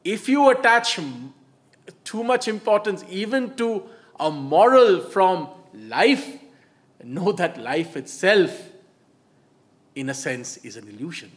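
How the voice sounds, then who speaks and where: A male author giving a public talk, telling stories in an animated way and dropping to soft asides. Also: high voice, takes it slowly. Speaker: author and speaker.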